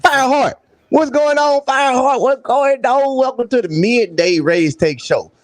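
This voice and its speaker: A man hosting a live-stream show, chatting casually and giving animated, slangy shout-outs to viewers. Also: very high-pitched, moderate pace, dry recording. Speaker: host.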